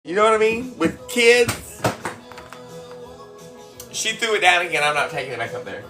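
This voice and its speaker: A woman's voice: lowish voice, sing-song, normal speed, a bit bright, soft background music. A woman hosting a casual cooking livestream from home, teasing and laughing often as she chats. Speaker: cooking livestream host and mom. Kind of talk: casual live-stream chat. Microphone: phone.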